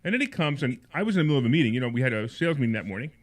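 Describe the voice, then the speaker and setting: A man's voice: medium pitch, big pitch swings, rapid-fire. A man hosting a radio call-in show, telling a long rambling personal story and getting more heated and indignant as he goes. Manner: rambling anecdote, repeats words and restarts; grows heated and indignant as he tells it. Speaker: radio talk show host.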